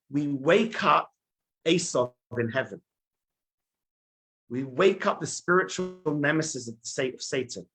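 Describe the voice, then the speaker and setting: A man teaching as a rabbi in a lively sermon, telling stories and speaking straight to his listeners. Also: medium pitch, slightly rough. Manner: animated storytelling, addresses listeners directly.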